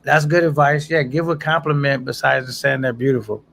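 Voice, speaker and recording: A man's voice: mid-range voice, steady tone, brisk, vocal fry, fairly bright tone, slight background noise. A man casually chatting on a live stream, reading viewer comments aloud in a laid-back, slangy way and laughing often.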